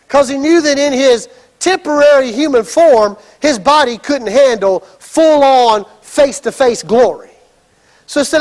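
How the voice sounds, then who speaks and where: A pastor delivering a sermon, acting out the story with lively asides and shouts. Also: male voice, extremely high pitch, in a large hall. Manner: animated storytelling, acts out scenes and shouts.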